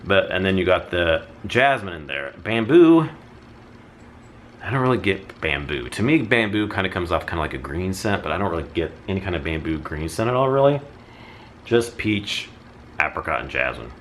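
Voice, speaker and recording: A man's voice: low-pitched, sing-song, fairly quick, a bit bright, slight background noise. A man hosting a casual product review vlog, talking in a chatty, rambling way and often correcting himself mid-sentence. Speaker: candle haul vlogger.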